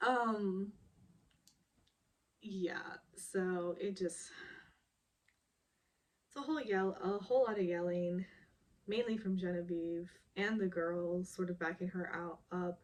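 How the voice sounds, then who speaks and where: A woman's voice: on the low side, a little slow, distant mic. A woman casually recapping a reality show episode, chatty, with lots of ums and small laughs. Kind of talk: casual chat.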